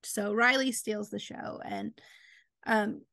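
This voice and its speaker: A woman author telling stories in a casual chat, animated and acting out quoted lines. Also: slow pace, gravelly, no echo. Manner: animated, acts out quotes with big pitch jumps. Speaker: author guest.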